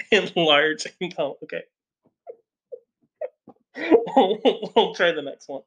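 A podcast host, a man, reads an old novel aloud at an unhurried pace, with a slightly higher, bright tone. He breaks off often for casual asides, fillers and self-corrections before returning to the text. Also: big pitch swings, breathy edge. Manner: hesitant, self-correcting, many fillers and laughs at own slips. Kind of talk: casual audiobook reading with chatty asides.

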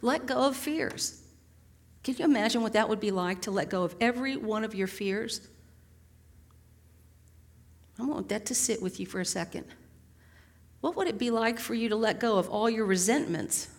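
A middle-aged woman preacher delivers a sermon. She talks conversationally, with gentle humor, and asks the listeners one rhetorical question after another. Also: fairly high pitch, brisk.

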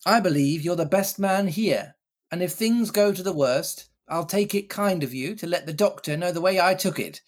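A bold, earnest young cabin boy stands up to the pirates, as a man acts him out. His voice is raised and husky. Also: high-pitched, moderate pace, pitched above the performer's own voice. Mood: defiant.

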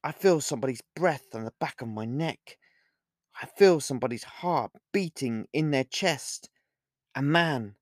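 A man, the author, reading his novel aloud as a steady, earnest first-person audiobook narration. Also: medium pitch, measured pace, dry recording, studio quality.

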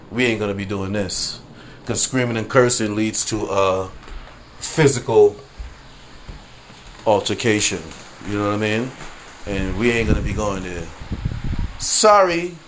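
On his own podcast, a man with a lowish, slightly bright voice rants casually, swears freely and ends lines with "you know what I mean." He laughs his way through stories, and there's a little hiss or hum on the audio.

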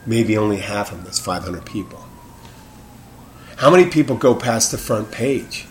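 A man's voice: lowish voice, expressive, normal speed, background noise. A man hosting his own podcast in a casual solo monologue, rambling and restarting his sentences, speaking frankly with the odd curse. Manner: rambling, self-interrupting, frank and profane. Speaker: podcast host.

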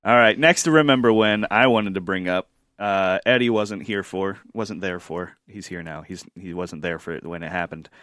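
A man co-hosting a podcast, telling stories in a rambling casual way with many fillers and pauses. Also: low-pitched, fairly bright tone, no echo, clean studio sound. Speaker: podcast co-host. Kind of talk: casual storytelling chat.

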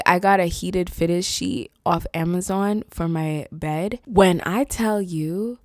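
A young woman with a British accent hosts her podcast solo, talking in a loose, playful, joking way. Her voice sits fairly low for a woman. The sound is dry and close, with no room echo. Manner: playful, animated, sings little jingles and jokes. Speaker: podcast host. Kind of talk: casual solo podcast chat.

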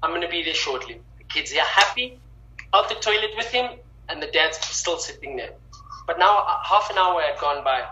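Bright-voiced woman telling a story. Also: lowish voice, moderate pace, reverberant, muffled recording. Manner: animated, repeats words. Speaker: guest. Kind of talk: casual storytelling.

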